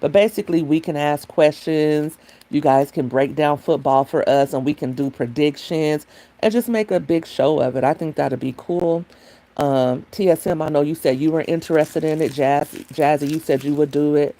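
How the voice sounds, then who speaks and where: Woman livestream host, mellow tone, chatty and rambling, talking to her chat through a phone. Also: low-pitched, moderate pace. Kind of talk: casual livestream chat with viewers.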